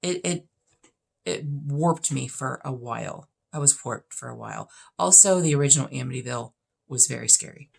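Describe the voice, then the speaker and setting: This fiftysomething woman vlogger has a bass voice, gravelly and slightly rough with a darkish tone, moving at normal speed. Chatting casually, she answers a list of questions bluntly, full of opinions and heavy emphasis.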